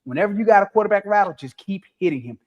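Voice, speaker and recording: Man, former linebacker, sports panelist, blunt, emphatic, slightly high voice. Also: animated, racing, a little mellow. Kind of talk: casual sports chat.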